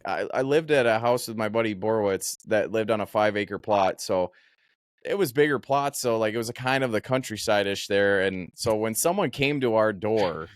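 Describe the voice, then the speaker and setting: A man hosting a podcast, telling a story in an animated, profane, casual way. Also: on the low side, moderate pace, dry recording, clean studio sound. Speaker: podcast host.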